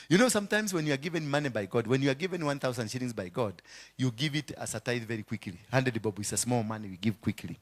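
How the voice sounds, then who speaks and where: A Kenyan man preaching a sermon, dramatic, swinging between hushed asides and shouts, dropping into Swahili phrases. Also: mid-range voice, lively intonation, quick pace. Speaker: apostle preaching.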